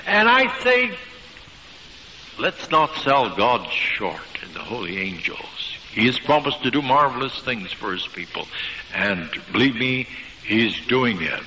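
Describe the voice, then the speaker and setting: A man preaching a sermon, telling stories emphatically with dramatic pauses. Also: mid-range voice, big pitch swings, bright, forceful tone, slight background noise. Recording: dull lo-fi recording with long hall reverb.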